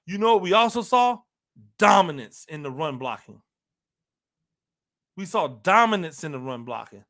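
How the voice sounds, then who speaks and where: High, bright, emphatic football talk man. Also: expressive, normal speed, long pauses. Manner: emphatic, repeats phrases for emphasis; talks to listeners directly, asks rhetorical questions. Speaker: football analyst host. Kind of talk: animated sports talk monologue.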